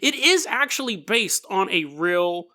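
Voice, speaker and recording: A man's voice: high-pitched, sing-song, measured pace, pushed and bright. A man hosting a podcast, casually retelling a folk tale with joking, rambling asides. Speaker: podcast host. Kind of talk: casual storytelling.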